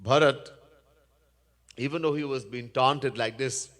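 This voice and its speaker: Recorded in the echoey hall of a Hindu temple, a man preaching as a swami narrates a scripture story with earnest feeling and chants verses. His mid-range voice is steady and a bit bright, and he doesn't hurry.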